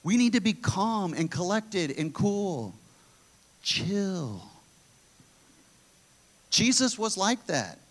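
A man's voice: sits high, very animated, a little slow, hardly any pauses. A man preaching a conversational sermon in an earnest way, often restarting his sentences as he thinks aloud.

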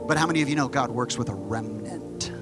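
A man preaching a sermon as pastor, in a casual, conversational way with quick asides, in a church sanctuary. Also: medium pitch, poor audio. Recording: music behind the voice. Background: music playing.

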